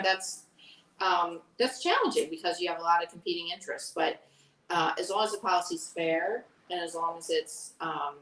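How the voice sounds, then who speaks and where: A woman's voice: on the low side, a bit bright, a little hiss or hum. Earnest woman, echoey distant sound. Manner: earnest, explanatory, with frequent fillers. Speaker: school board candidate. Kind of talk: candidate forum answers. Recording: echoey room, voice from far off.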